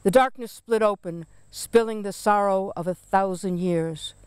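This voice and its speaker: Slow, resonant woman reciting a poem. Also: mid-range voice, a little mellow, clean tone, dry recording. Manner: solemn, deliberate recitation. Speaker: poet reading her own work. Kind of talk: poetry reading.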